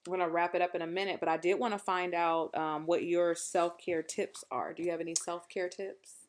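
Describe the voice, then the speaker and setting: Affirming woman host with low voice. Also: little pitch movement, fairly quick. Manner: affirming, encouraging, frequent agreement. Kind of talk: casual interview.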